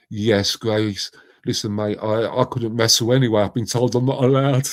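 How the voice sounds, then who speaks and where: A man's voice: mid-range voice, a little slow. A middle-aged man hosting a casual live stream, chatting matily with viewers by name and swearing freely. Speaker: live stream host reading chat. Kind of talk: casual chat.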